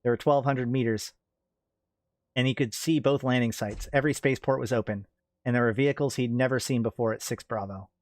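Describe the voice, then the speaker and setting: A man narrating science-fiction fiction aloud in a steady reading voice, now and then correcting slips. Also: mid-range voice, a little fast, no echo.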